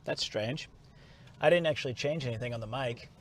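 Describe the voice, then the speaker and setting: A man's voice: medium pitch, a little fast. A man live-streaming in a car on a charity trip, joking and reading chat aloud. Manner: playful, jokey, reads chat aloud.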